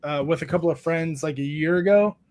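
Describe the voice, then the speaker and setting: A man hosting a podcast who tells stories in a casual, animated way and acts out what people said. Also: a little high, a little fast. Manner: animated, acts out quotes with a raised voice. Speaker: podcast host. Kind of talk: casual chat, storytelling.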